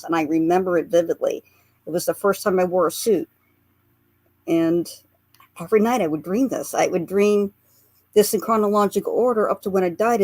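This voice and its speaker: A woman with a lowish voice tells a long personal story as a radio guest. She speaks earnestly and laughs softly at the funnier memories. Her voice is close and dry on a studio mic. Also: no echo. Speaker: guest, psychic portrait artist. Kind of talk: recounting past-life memories in a radio interview.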